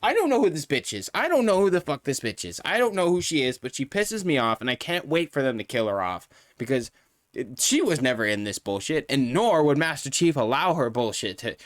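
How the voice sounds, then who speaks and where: A man's voice: mid-range voice, lively intonation, brisk, dry recording. A man streaming live, ranting in a profane, heated, rambling way while reviewing a show.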